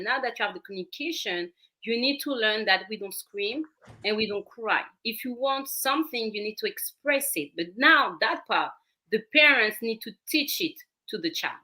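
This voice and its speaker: A woman's voice: on the high side, animated, moderate pace, pushed and bright. A woman with a French accent, a parenting coach explaining her method step by step as a guest on a talk show. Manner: explains step by step, repeating phrases.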